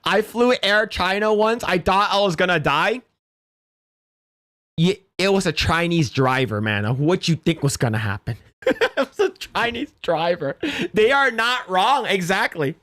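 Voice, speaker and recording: A man's voice: high voice, animated, a little slow, sharp tone, no room sound. A man hosting a podcast livestream in casual, blunt, rambling commentary, laughing now and then. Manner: blunt, rambling, laughs at his own jokes.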